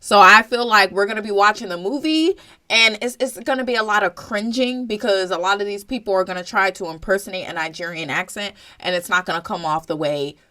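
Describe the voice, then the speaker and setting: Blunt, animated young American woman. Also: medium pitch, brisk. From United States. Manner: blunt, animated, swears casually. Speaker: show host. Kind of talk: opinionated commentary monologue.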